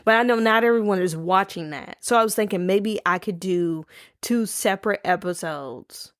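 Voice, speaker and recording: A woman's voice: mid-range voice, moderate pace, no room sound, studio quality. A woman hosting a casual solo podcast, rambling playfully and calling listeners baby and y'all. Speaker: podcast host. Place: home, recording at night.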